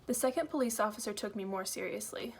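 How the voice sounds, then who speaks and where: A woman reading a first-person novel aloud, in an earnest, steady storytelling manner. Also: medium pitch, quick pace, vocal fry, breathy edge. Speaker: audiobook reader.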